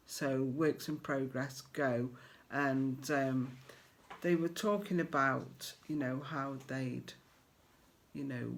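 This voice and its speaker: A middle-aged English woman chatting casually to her viewers as a crafting vlogger, rambling with fillers and friendly asides. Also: a bass voice.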